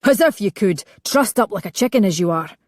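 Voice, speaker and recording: A woman voicing a rough, hostile male cattle thief who hisses and barks orders. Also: mid-range voice, animated, a little slow, no room sound, studio quality. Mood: sneering. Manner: hissing, barking orders.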